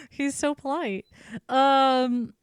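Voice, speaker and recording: A woman's voice: high voice, expressive, very slow, no room sound, clean studio sound. A woman co-hosting a podcast, telling history in a casual, irreverent way and swearing freely. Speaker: podcast co-host.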